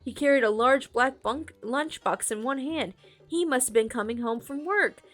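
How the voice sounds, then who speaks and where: A woman's voice: high-pitched, normal speed, a bit bright, faint music behind. A woman streamer reading a storybook aloud, chatting with viewers and fixing small slips as she goes. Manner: chatty asides to chat, reads with small self-corrections.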